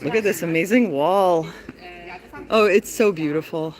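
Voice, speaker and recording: A woman's voice: on the low side, measured pace. Chatty woman vlogging on an uphill walk. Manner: chatty, breathless from climbing, yawning. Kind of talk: walking travel vlog. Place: outdoors in a hilly lakeside town.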